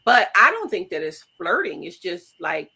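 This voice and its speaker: A woman's voice: lowish voice, normal speed, vocal fry, breathy edge. A young adult woman co-hosting a casual podcast chat, telling stories animatedly and acting out quoted lines. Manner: animated storyteller, acts out quotes, laughs loudly. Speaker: podcast co-host.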